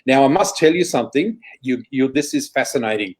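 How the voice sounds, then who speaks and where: A man's voice: mid-range voice, expressive, fairly quick, low-quality recording. A middle-aged Australian man, a guest psychic, telling anecdotes in a chatty, self-correcting way. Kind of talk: anecdotal interview storytelling.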